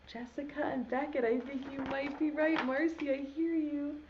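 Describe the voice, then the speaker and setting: A young adult woman, a preschool teacher, reading a picture book aloud to children on camera and warmly praising them by name. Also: high voice, a little slow, muffled recording, slight background noise.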